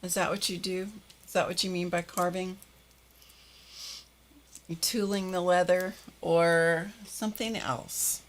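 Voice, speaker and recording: Unhurried older woman chatting with viewers. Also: lowish voice, flat delivery. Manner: chatty, laughs often, talks to viewers by name. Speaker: livestream host greeting viewers. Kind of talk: casual chat reading viewer comments.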